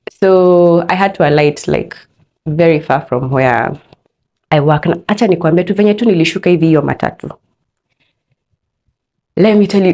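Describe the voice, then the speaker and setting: A young woman with a Kenyan accent hosting a personal podcast, telling her own story in a candid, expressive way. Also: lowish voice, moderate pace, long pauses. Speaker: podcast host.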